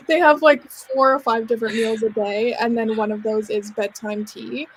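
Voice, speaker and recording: A podcast host from Canada in casual conversation with a guest. Her voice sits a little on the high side, and she talks in loose, chatty rambles broken up by frequent laughter. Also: steady tone, moderate pace, a little hiss or hum. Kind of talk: casual interview chat.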